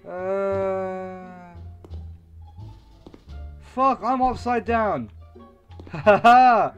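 Young male gamer, high pitch, loose unhurried delivery with frequent outbursts and curses, light music behind. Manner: swearing, exclaiming, rambling with frequent outbursts. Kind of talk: let's play commentary.

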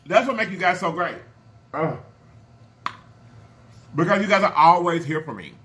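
A man hosting an eating vlog who gushes with thanks to his viewers, repeating words over and over between loud appreciative murmurs over his food. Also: high-pitched, expressive, moderate pace. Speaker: mukbang channel host. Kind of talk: casual eating vlog chat.

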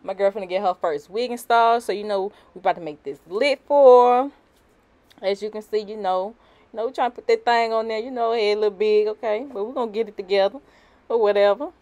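A woman's voice: medium pitch, quick pace, a little mellow. Giggly, slangy woman narrating a wig install. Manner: slangy and chatty, with frequent "you know" and "y'all"; giggly and nervous, breaking off to laugh and apologize. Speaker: guest voiceover narrator for a wig install tutorial. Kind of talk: casual, unscripted voiceover narration.

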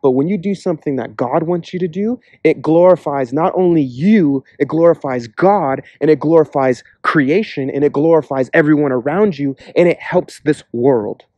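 A man preaching a casual, earnest sermon, acting out imagined voices in quick asides. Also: on the high side, a little mellow, no echo, dull audio.

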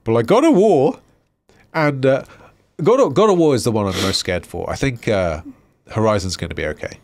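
A man's voice: medium pitch, expressive, normal speed, a little mellow, no echo. A man co-hosting a podcast, talking in a casual, ranting way and swearing freely. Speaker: podcast co-host.

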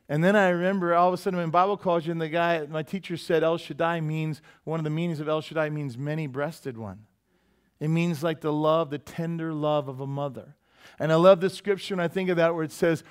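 Animated, joking preacher man. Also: on the high side, a little fast. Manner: lively, joking and emphatic. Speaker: pastor. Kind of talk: sermon.

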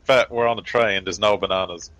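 Brief: sardonic male crewman with a teasing grin in his voice, pitched a little high and loud, put on by a man. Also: steady tone, fairly quick, close to an everyday voice, poor audio. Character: sardonic grinning male crew officer.

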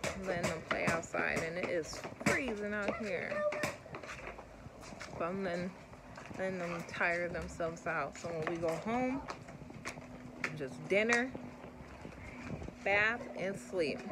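A woman's voice: fairly low pitch, slow, pauses often, very noisy. A young woman talking casually to her phone camera in a vlog, chatty, slangy and candid, rambling through her stories. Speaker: vlogger and mother. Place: home, then outdoors. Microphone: handheld phone camera.

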